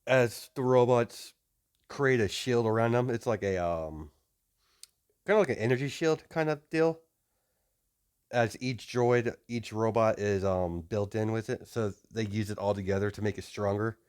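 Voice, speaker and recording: A man's voice: fairly low pitch, unhurried, a little mellow, clean tone. A man improvising a fan story narration, rambling and hesitant with many restarts.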